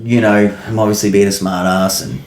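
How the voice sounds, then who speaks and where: A man co-hosts a podcast in an easygoing chat, winding through a story with plenty of fillers and casual swearing. His voice sits on the low side. The room around him is echoey. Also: little pitch movement, brisk. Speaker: podcast co-host.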